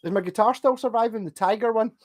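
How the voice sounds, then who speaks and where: A man's voice: high voice, fast, darkish tone. A man, a bit drunk, rambling casually on a late-night home livestream while reading out chat and laughing often.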